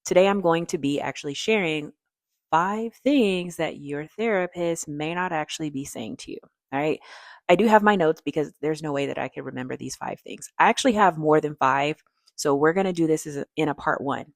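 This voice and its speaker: A woman's voice: low-pitched, a little fast, no room sound, clean studio sound. A woman therapist giving direct, emphatic advice to camera, often checking in with "okay?". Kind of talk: casual advice talk to camera.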